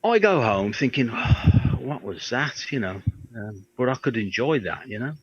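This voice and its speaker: A man's voice: mid-range voice, expressive, measured pace, breathy edge. Middle-aged man spinning anecdotes. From Birmingham, England. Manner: rambling anecdotes, acts out quoted voices. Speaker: guest, guitar tech. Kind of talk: casual storytelling interview. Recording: dry, slightly dull audio.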